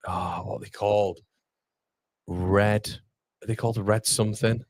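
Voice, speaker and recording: A man's voice: fairly low pitch, steady tone, measured pace, no room sound, clean studio sound. A young man hosting a live football watchalong, commenting on the match and reading viewer comments aloud with frequent laughs. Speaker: watchalong host.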